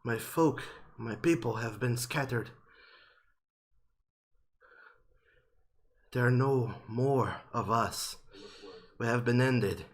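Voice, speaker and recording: A man's voice: medium pitch, slow, lightly acted. A man voicing a grieving male dog-folk village leader who speaks in solemn, despairing declarations.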